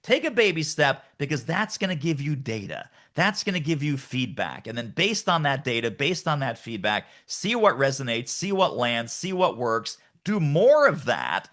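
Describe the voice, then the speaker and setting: Animated, bright-voiced male guest. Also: medium pitch, normal speed, hardly any pauses. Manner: emphatic, animated, acts out quoted voices. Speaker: guest author and sales coach. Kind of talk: energetic podcast interview.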